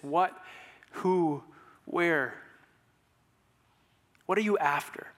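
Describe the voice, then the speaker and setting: A young man with a high voice preaches to his church, spinning a humorous story in a relaxed, chatty way. He speaks into a headset mic, and his voice rings with a long hall reverb. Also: brisk. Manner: storytelling, informal and joking. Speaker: pastor. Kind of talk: sermon.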